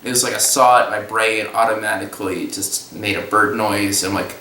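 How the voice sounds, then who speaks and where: Young man with a bright, roomy voice. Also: fairly low pitch, level tone, far from the mic. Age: young adult. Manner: halting, restarts, breaks into silly voices and laughs. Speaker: storyteller recounting a trip. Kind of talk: casual rambling monologue.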